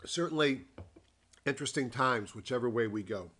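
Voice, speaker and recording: Man, mid-pitched, unhurried trader talking through charts, lots of ums and pauses. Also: a bit bright, breathy edge. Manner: unhurried, thinking aloud with frequent ums and pauses; reads a formal disclaimer. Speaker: trader giving a weekly market review. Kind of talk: dictated screen-share market commentary.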